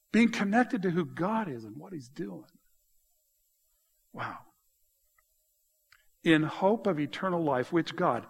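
A man preaching a sermon as pastor, explaining scripture and telling animated stories with emphatic, lively delivery. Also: high-pitched, big-room sound.

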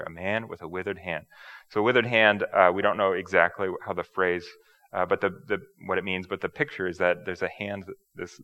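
A male pastor delivers a sermon in a church, his voice low-pitched yet bright and forceful. He explains scripture in a relaxed, conversational way, doubling back on words as he speaks. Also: low-quality recording. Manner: conversational preaching with repeated words and asides. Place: church sanctuary.

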